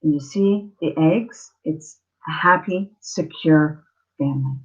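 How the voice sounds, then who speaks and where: A woman's voice: sits low, slow pace. Earnest woman tarot reader, lo-fi sound. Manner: earnest, emotional, often ending with "okay?". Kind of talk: live online tarot reading.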